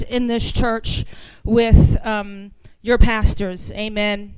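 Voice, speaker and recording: A woman's voice: mid-range voice, level tone, extremely slow, a little mellow, smooth, no echo, poor audio. A woman from the American South with a Southern accent, speaking as a guest preacher at a church pulpit, talking casually and then rising into fervent exhortation. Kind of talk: church sermon. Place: church sanctuary.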